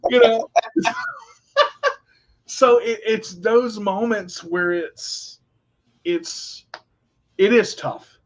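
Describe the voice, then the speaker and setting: A man's voice: high voice, very slow, pauses often, dull audio. A man hosting a radio talk show, telling stories with many stammered restarts and dry jokes. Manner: stammering restarts, joking storyteller. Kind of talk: casual conversation.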